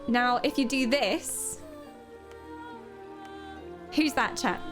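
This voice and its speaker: A woman's voice: fairly high pitch, extremely slow, over music. A woman streaming a game, chatting in a playful, flirty, self-mocking way. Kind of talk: casual live-stream commentary.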